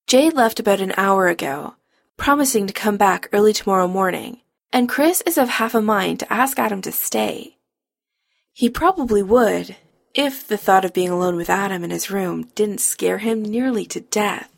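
A woman narrating a romance story in a calm, even storytelling manner. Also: medium pitch, normal speed, vocal fry, no room sound, clean studio sound. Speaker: audiobook narrator.

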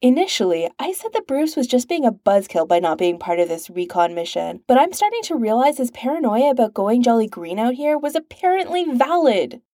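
A woman's voice: on the high side, big pitch swings, mellow, no echo, studio quality, pitched above the performer's own voice. A woman voicing a manic, sarcastic tech genius. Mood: incredulous. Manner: rapid, needling, incredulous. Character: fast-talking manic billionaire man, sarcastic.

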